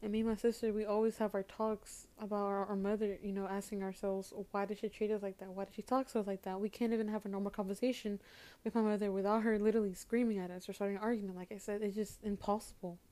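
A young woman pours out her frustration in a halting, tearful vlog, stumbling over her words and starting sentences again. Her voice is mellow and soft-edged, held in a flat, narrow melody. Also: mid-range voice. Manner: halting, repeats words, close to tears. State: upset, holding back tears. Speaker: vlogger. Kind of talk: emotional personal vent to camera.

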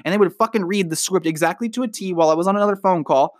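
A young man talks straight at the listener in a swearing, emphatic motivational rant, calling them dude. His voice sits a little higher than most men's. The recording is dry and close, with no room sound. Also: rapid-fire, dry recording. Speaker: podcast host. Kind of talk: motivational monologue.

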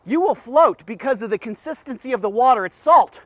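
A man giving a rambling devotional talk, stammering and repeating himself with animated asides. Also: very high voice, brisk, no echo. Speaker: devotional podcast host.

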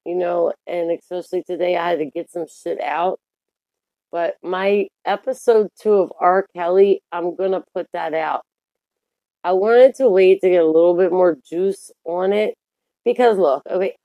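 A woman's voice: fairly low pitch, darkish tone, dry recording. A young adult woman hosting her own podcast in a candid, profane, rambling monologue full of fillers. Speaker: podcast host.

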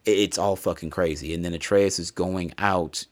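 Brief: very deep male voice, casual solo game review, emotional, swears freely. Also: steady tone, moderate pace. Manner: emotional, profane, rambling. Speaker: gamer reviewing a video game.

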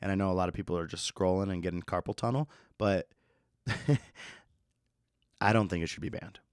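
A man's voice: low-pitched, fairly even intonation, a little fast, dry recording, studio quality. A man in his twenties hosting a casual solo podcast, laid-back, swearing freely and laughing at his own stories. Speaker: podcast host.

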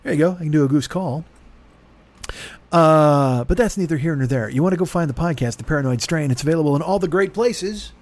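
Talking into a studio mic, a male comedy podcast host meanders through a self-deprecating, profane plug. He has a fairly high pitch and a darkish tone, and speaks briskly.

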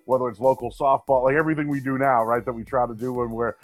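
A man's voice: medium pitch, steady tone, fast talker, no echo. Boston-accented man, thirties, casual storyteller, dry close sound, faint music underneath. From Boston area. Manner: storytelling, laid-back, says dude and man a lot. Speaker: sports radio host, guest. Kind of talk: casual podcast chat.

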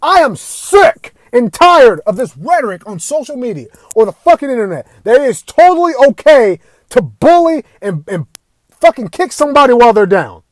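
A man with a high-pitched voice tears into his audience in a furious rant, swearing with nearly every sentence. His voice is dry and close, with no room sound around it. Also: big pitch swings, normal speed, no room sound. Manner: heated, swearing constantly, raising voice at times. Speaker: video ranter. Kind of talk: angry profane rant.

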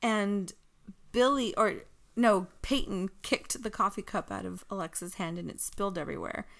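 A woman co-hosting a casual podcast, giggling as she goes and wandering through her points. Her pitch sits in an ordinary middle range, and her speech is loose and full of "like" and self-corrections. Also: moderate pace, vocal fry, a bit bright. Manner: giggly, rambling, full of "like" and restarts. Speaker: podcast co-host. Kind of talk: casual chat recapping wrestling.

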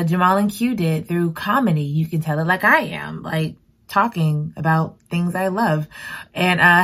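Book reviewer: a woman with a lowish voice, chatty and emotional, exclaiming as she retells the story. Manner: expressive and emotional, exclaiming and talking back to the story. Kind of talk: casual book recap.

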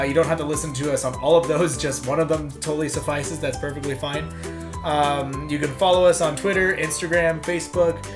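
A woman co-hosting a podcast, casually signing off with plenty of ums and easygoing asides. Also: sits low. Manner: rambling, filler-heavy, easygoing. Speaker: podcast co-host. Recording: podcast audio with music underneath.

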